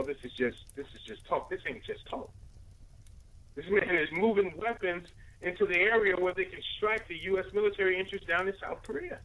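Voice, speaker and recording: A man's voice: sits high, phone-quality sound. A man giving a rambling spoken commentary to listeners he calls family, full of rhetorical questions and "right?" tags. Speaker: radio commentator.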